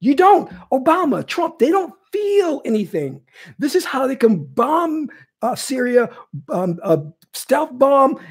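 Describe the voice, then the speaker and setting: A woman's voice: high-pitched, darkish tone, husky. A woman spiritual coach giving an impassioned monologue, emphatic and repetitive, pleading with her listeners.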